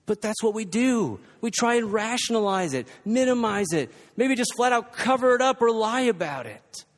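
A man's voice: high-pitched, sing-song, moderate pace. A man preaching a sermon, reading scripture and pressing his points with emphatic, repeated exhortations. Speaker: pastor. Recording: long reverb from a large hall.

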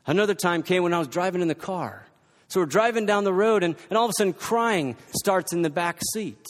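A pastor with a high-pitched, expressive voice preaches a little fast, reading scripture and driving his points home with emphatic, repeated exhortations. A large hall gives the recording a long reverb.

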